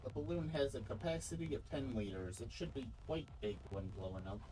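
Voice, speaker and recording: A man's voice: medium pitch, lively intonation, brisk, background noise. A man streaming a game, reading its text aloud into a desk microphone and breaking off for casual asides. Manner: reads text evenly, breaks off for casual comments.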